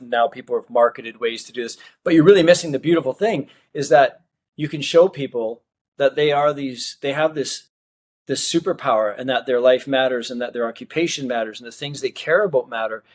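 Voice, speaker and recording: Middle-aged male magician from Australia, relaxed interview storyteller, average pitch, lively quoted dialogue. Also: quick pace. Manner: animated storyteller who acts out quoted dialogue. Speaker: magician guest.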